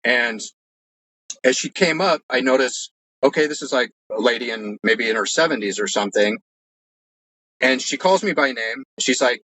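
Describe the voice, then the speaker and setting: Speaking at a moderate pace, a man with a medium pitch and sharp tone tells his own story on a rough recording. He's an interview guest recounting personal experiences in casual storytelling, earnest and rambling, with plenty of "like" and restarted sentences.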